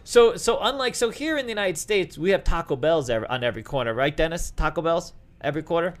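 A man's voice: fairly high pitch, animated, fast talker. A middle-aged man with a Boston accent hosting a casual podcast chat, rambling and joking as he restarts his sentences. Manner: rambling, jokey, self-interrupting. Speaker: podcast host.

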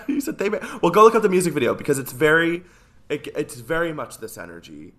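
A man co-hosting a podcast, playfully retelling film scenes with quick asides in casual chat. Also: a little high, very animated, pushed and bright.

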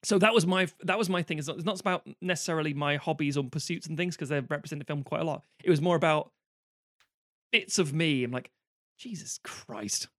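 A man, co-hosting a podcast and ranting in an animated, sweary way. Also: on the high side, quick pace, no room sound, studio quality. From London, England. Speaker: podcast host. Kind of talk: casual chat.

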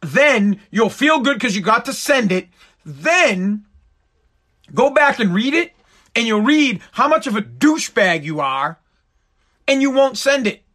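Man, high voice, sharp, profane casual rant, emphatic. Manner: animated and emphatic, swears freely. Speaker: radio personality.

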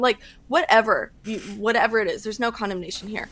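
A woman speaking as a podcast guest, giving earnest faith testimony in casual talk with quick bursts and fillers. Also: medium pitch, expressive, fairly bright tone, no echo. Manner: earnest, fast-talking with fillers.

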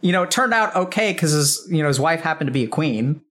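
A man's voice: a little high, fast talker. A man hosting an interview, telling a story casually and acting out voices, swearing freely. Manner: animated, swearing, acts out voices in stories. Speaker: interview host.

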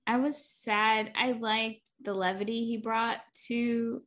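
A woman co-hosting a casual movie discussion, reflective and quick to laugh. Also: a little high, fairly even intonation, fairly bright tone. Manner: unhurried, reflective, laughs often. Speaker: podcast co-host.

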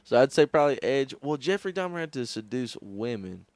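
A man's voice: mid-range voice, animated, fairly quick, darkish tone, dry recording, clean studio sound. A young man co-hosting a comedy podcast, laughing often and tripping over names. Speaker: podcast co-host. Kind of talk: casual comedic chat. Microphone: close podcast mic.

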